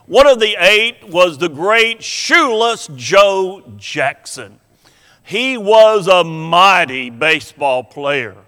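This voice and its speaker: A man delivers a sermon in an unhurried, storytelling way, leaning on pauses and emphasis. His voice sits high and sounds smooth and resonant with a bright edge. A long reverb trails each phrase, as in a church hall. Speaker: preacher.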